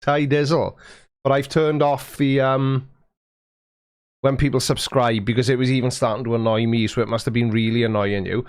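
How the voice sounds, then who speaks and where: Fiddling with his settings during a casual livestream, the host chats and jokes with viewers and reads their messages. Using a foam-windscreened studio mic, he has a steady, clean medium-pitched voice at a moderate pace, recorded at studio quality with no room sound.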